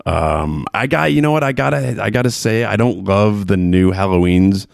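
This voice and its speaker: Deep, gravelly man chatting casually. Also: moderate pace, no echo, clean studio sound. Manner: rambling, laughing, swears casually. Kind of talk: casual movie chat.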